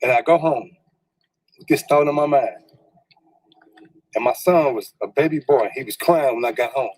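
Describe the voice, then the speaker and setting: A man's voice: mid-range voice, normal speed, a little mellow, no echo, poor audio. A middle-aged man, candidly telling a personal story in informal speech, stumbling over repeated words when stirred up.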